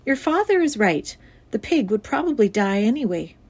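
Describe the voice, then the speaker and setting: A woman voicing a firm, practical farm mother who speaks in a brisk, matter-of-fact way for a storybook reading. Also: on the high side, big pitch swings, a little mellow, husky.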